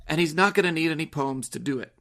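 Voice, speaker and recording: A man's voice: on the high side, fast talker, bright, forceful tone. A man co-hosting a podcast, discussing a poem in a reflective way and often restarting his phrases. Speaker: podcast co-host. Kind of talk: casual poetry discussion.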